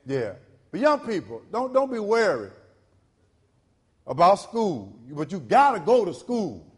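A male pastor, preaching a sermon in call-and-response style. He repeats phrases and swings from loud to low. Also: wildly swooping pitch, measured pace, breathy edge, long reverb tail.

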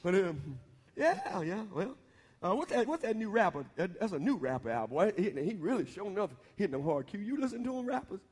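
A man preaching a sermon in a church, bantering with the congregation and building to loud preaching. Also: high-pitched, big pitch swings, fairly quick, husky. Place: church sanctuary. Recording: long reverb of a church hall.

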